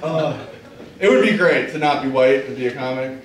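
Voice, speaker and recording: A man's voice: medium pitch, normal speed, background noise. A young man doing a stand-up comedy set with loose, profane, self-mocking storytelling in a small club. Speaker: stand-up comic. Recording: echoey room, taken from far off. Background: audience laughing.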